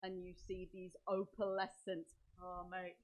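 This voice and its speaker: A woman's voice: lowish voice, monotone, measured pace. A woman narrating as dungeon master, describing scenes vividly and talking through the rules aloud. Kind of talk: narrating a tabletop game.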